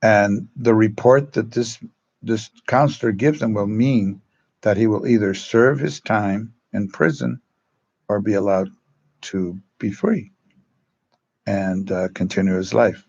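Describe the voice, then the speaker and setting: A man who teaches drama, telling rambling stories in a halting way and acting out quotes in changed voices. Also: lowish voice, gravelly, darkish tone, lo-fi sound. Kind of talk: storytelling, casual talk.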